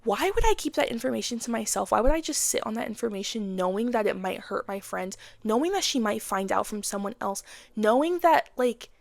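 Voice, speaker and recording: A woman's voice: fairly high pitch, animated, brisk, gravelly, no room sound. A woman in her twenties giving frank, casual advice in a blunt monologue, with slang and swearing. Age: 20s. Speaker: vlogger.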